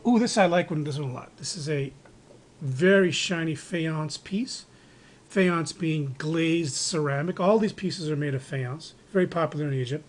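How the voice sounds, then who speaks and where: A man's voice: fairly high pitch, a little hiss or hum. Rambling man showing off his collection. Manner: rambling, with many fillers and restarts. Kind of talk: casual show-and-tell narration. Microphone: handheld camera microphone.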